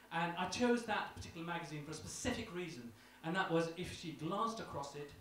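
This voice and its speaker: Self-deprecating young man doing stand-up. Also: a little high. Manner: self-deprecating, hesitant with ums. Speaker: stand-up comedian. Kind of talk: stand-up routine. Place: small comedy club. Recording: echoey club, distant mic, crowd.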